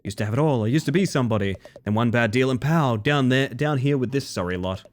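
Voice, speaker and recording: A man's voice: mid-range voice, quick pace, natural voice. A man voicing a bitter, ruthless down-on-his-luck sea creature in a game, in a brooding manner.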